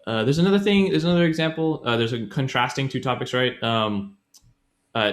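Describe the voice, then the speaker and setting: A man talks briskly in a mid-range voice while co-hosting a relaxed podcast about grammar. His explanation is loose and rambling, packed with fillers, self-corrections and frequent laughter.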